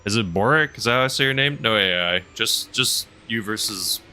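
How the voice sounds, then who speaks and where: A man's voice: fairly low pitch, expressive, moderate pace, bright, forceful tone, slight background noise. A man chatting casually on a gaming livestream, rambling with lots of fillers and reading chat messages aloud. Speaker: game streamer and helicopter pilot.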